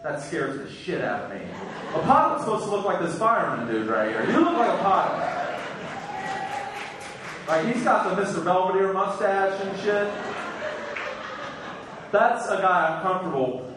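A man's voice: high voice, very animated, normal speed, long pauses, background noise. A man doing stand-up comedy in a club, brashly teasing the crowd with crude jokes, heard from far off in an echoey room.

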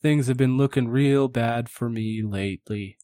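A man doing a slow, gloomy panda bear hermit. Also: mid-range voice, warm tone, no room sound, studio quality, natural voice. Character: depressed clumsy panda bear hermit, male.

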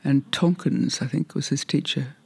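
A man's voice: mid-range voice, moderate pace, gravelly, slightly rough. An older man being interviewed, reminiscing in a rambling, hesitant way with frequent laughs. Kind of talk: reminiscing conversation.

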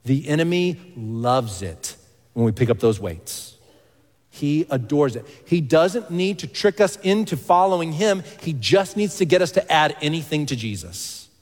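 A man preaching a sermon as pastor, emphatic, rising to loud exclamations and dropping to hushed asides. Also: a little high, lively intonation, a little slow. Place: church hall. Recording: long reverb of a large hall.

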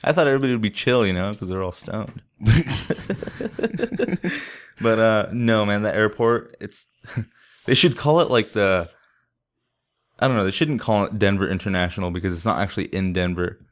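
A man's voice: lowish voice, animated, normal speed, long pauses. A young man from California casually telling a travel story on a podcast, with lots of "like" and "man" and frequent laughs. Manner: laughs often, fillers like "like" and "man". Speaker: podcast host.

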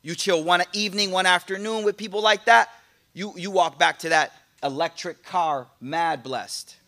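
A man gives a casual motivational talk to a live audience. His voice sits high and sounds bright and forward. He tells stories with humor and slips into quick impressions of the people in them. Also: vocal fry. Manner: animated storytelling with jokes and quoted voices. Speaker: speaker giving a talk to an audience.

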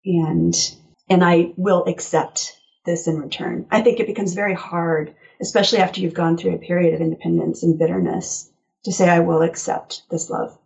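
A woman guest on an interview show, telling personal stories in an animated way and laughing often. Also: on the low side, normal speed, vocal fry, muffled recording. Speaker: guest author. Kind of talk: casual interview chat.

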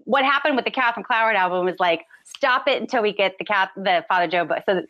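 A woman telling personal stories as a guest on a live-stream interview, animated and sometimes emotional. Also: mid-range voice, quick pace, no echo, muffled recording. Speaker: guest, author and musician. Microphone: remote call.

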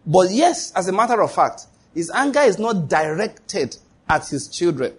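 A man preaching a sermon as pastor, emphatic, asking rhetorical questions and leaping up in pitch for exclamations. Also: big pitch swings, moderate pace, slightly rough.

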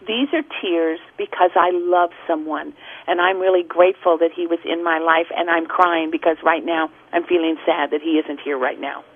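A woman's voice: on the low side, fairly even intonation, moderate pace. A woman guest speaking earnestly and reflectively on a radio talk show, heard over a telephone line. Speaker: guest, grief author.

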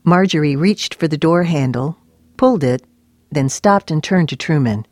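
A woman reading a story aloud as narrator, in a steady, even way. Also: deep voice, moderate pace, dry recording. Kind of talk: scripted narration.

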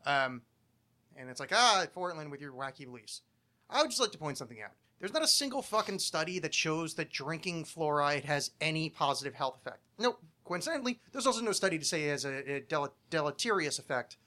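A man's voice: fairly high pitch, expressive, fast talker, pushed and bright. A man hosting a casual podcast, ranting with lots of swearing and breaking off his own sentences. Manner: profane ranting, swearing a lot, self-interrupting. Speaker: podcast host.

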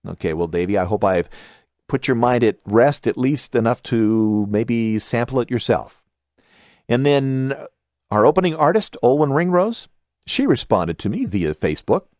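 A man with a Southern California accent talks through a book review in a relaxed, conversational way. His pitch rises and falls a lot as he reads listener comments and adds his own remarks. The sound is dry and close, with no room echo. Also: normal speed. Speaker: podcast host. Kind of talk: casual book review talk.

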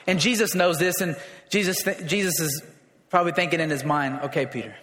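A male pastor delivers a sermon in a high, animated register, pressing his points home by repeating phrases and asking the congregation to answer back. His voice rings out sharp and bright. The sound carries a long, roomy reverb, as if caught in a large church sanctuary. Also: brisk, a little hiss or hum. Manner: emphatic, repeats phrases, calls for congregation response. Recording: echoey hall with long reverb.

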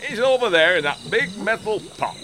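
A man with a Yorkshire accent performing blunt, gruff comedy sketch characters. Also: sits high, lively intonation, fairly quick, noisy background.

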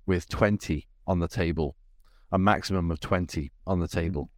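Podcast co-host, English man, low voice, rambling and reflective, dry close sound. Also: normal speed, dry recording. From England. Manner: rambling, reflective, many fillers. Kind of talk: casual chat.

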